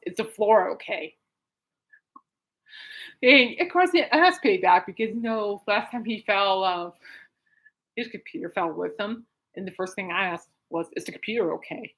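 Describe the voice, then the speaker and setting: At home, a woman hosts her own casual solo podcast in a mid-range, fairly bright voice at a moderate pace. She rambles through a story, laughing and restarting often, and the recording quality is low.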